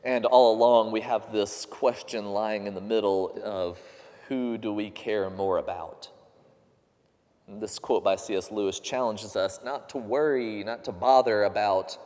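A man's voice: measured pace, a little mellow. Guy preaching, earnest, voice goes up for quotes, echoey church sound. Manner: rises in pitch for quoted voices, earnest and questioning. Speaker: pastor. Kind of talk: sermon.

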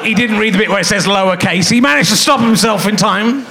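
A man's voice: sits high, fast, background noise. A man hosting a comedy podcast live on a theatre stage, rambling through self-mocking stand-up stories and chuckling at his own jokes. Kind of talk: live stand-up style monologue.

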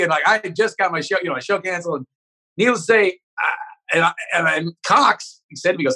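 A man's voice: sits high, sharp tone, breathy edge. A man, a comedian guest, telling a profane story in a podcast interview, often tagging sentences with "right?". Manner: rapid, profane, keeps checking in with "right?".

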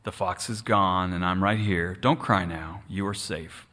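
A man voicing a loving shepherd in a storybook, speaking softly and tenderly. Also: low-pitched, steady tone, measured pace. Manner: soft, tender. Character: gentle, loving male shepherd. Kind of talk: storybook character voice.

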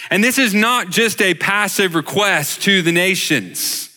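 A man preaching a sermon slowly and emphatically, asking his listeners rhetorical questions. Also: sits high, expressive, sharp tone, in a large hall. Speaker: worship leader giving a short sermon. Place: church sanctuary.

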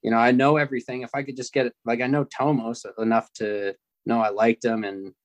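A man in casual chat as a podcast guest, telling stories in a relaxed, rambling way. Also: mid-range voice, a little fast, no echo. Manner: relaxed storytelling, rambling with fillers, laughs.

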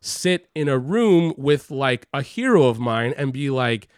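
A man telling a personal story in casual conversation, rambling and swearing, full of "like" and animated quotes. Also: mid-range voice, unhurried, dry recording, clean studio sound. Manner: rambling, heavy use of "like" and profanity, animated quoting.

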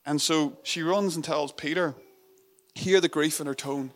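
A man preaching a sermon in an earnest, intimate way, repeating phrases for emphasis and dropping to a soft hush on tender moments. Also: fairly high pitch, fairly even intonation, unhurried.

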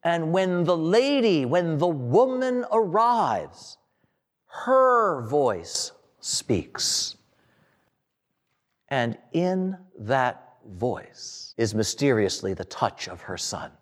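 A man preaching a sermon in a slow, dramatic way, with long pauses and phrases that fall away at the end. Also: fairly high pitch, sing-song. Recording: long hall reverb.

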